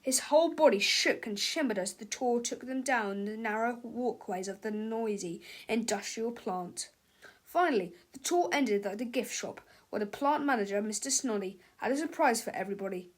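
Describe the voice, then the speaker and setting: A woman reading a children's storybook aloud with a lively, expressive delivery. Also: fairly high pitch, normal speed.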